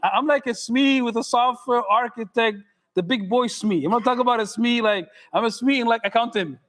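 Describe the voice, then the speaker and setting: Middle-aged man, imam, high voice, casual sermon, joking and questioning the crowd. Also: fairly quick, a bit bright, rough recording. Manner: joking, conversational, asks the audience questions.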